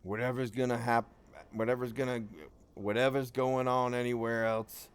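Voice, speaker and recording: A man voicing a gruff, stubborn older ship captain in a game, speaking in a low, slow drawl with folksy slang. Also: level tone, lightly acted.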